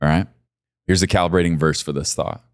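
A man in his forties preaching a sermon, talking to his listeners directly and pushing his voice up high and loud when he urges them on. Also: a little fast, clean tone, no echo, studio quality. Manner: emphatic, rises to high excited peaks when urging listeners.

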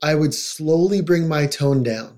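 A middle-aged man with a fairly high, somewhat dark voice speaks at a measured pace as a psychologist guest on a podcast. His tone is casual and conversational, and every so often he acts out the voices of people he quotes.

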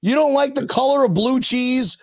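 A man hosting a casual sports podcast stream, loud and crude, laughing often as he jokes with his co-host. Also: extremely high pitch, moderate pace, gravelly, no room sound, studio quality. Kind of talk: casual banter livestream.

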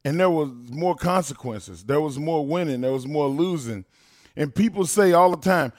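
A man with a slightly high voice talks fast and preachy, working himself up into loud bursts. The sound is close and dry, with no room around it. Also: no room sound. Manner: fired-up, preachy, bursts into loud animated rants. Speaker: podcast co-host. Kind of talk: casual chat.

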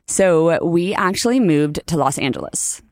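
A young woman from New Orleans, a podcast guest, telling lively stories in casual chat and acting out the lines of the people she quotes. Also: fairly low pitch, a little slow, no room sound. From New Orleans, USA. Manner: animated storyteller, acts out quotes, laughs often.

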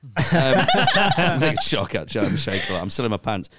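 A man's voice: medium pitch, very animated, fairly quick, heavy background noise. A man, a comedian guest, telling a story in casual chat, laughing and swearing often.

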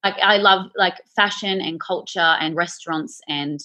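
Chatty Australian actress guest. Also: female voice, fairly low pitch, a little slow, bright, forceful tone. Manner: chatty, enthusiastic. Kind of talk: casual interview chat.

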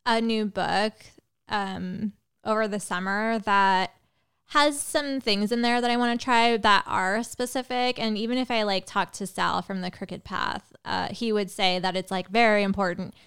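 A woman guest in a casual podcast chat, rambling and animated, full of "like" fillers. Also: medium pitch, clear, resonant tone. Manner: rambling, heavy use of "like" fillers; animated, quick bursts of excitement.

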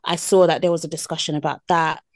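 Low-voiced easygoing woman, dry sound. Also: little pitch movement, fast, no room sound. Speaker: podcast co-host. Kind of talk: casual chat.

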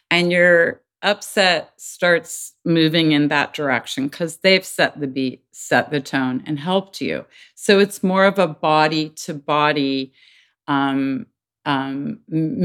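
A middle-aged woman speaking earnestly as an interview guest, now and then acting out quoted voices with sudden high swoops. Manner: earnest, acts out quoted voices with big pitch jumps. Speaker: podcast guest, child advocate. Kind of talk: conversational interview talk.

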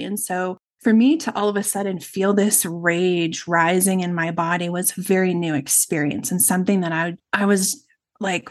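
A middle-aged woman, a guest in an interview, telling a personal story in a reflective, earnest way and speaking in long runs. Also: medium pitch.

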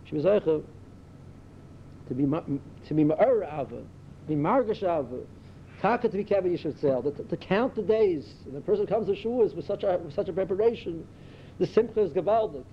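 A man giving a Torah talk as a rabbi, telling stories full of Yiddish and Hebrew words and climbing to excited emphasis. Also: normal speed. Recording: dull lo-fi recording with faint rumble.

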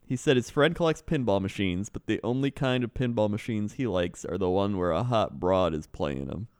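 Man, podcast co-host, smooth voice, lively pitch, dry close sound. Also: moderate pace, no echo. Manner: rambling, chuckling, loose. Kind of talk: casual storytelling chat.

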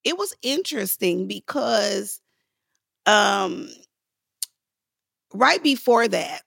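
A middle-aged woman telling animated stories in an interview, acting out the other people's voices. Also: mid-range voice, slow pace, vocal fry, slightly rough, no room sound, clean studio sound. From Los Angeles. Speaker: guest actress. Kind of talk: storytelling interview.

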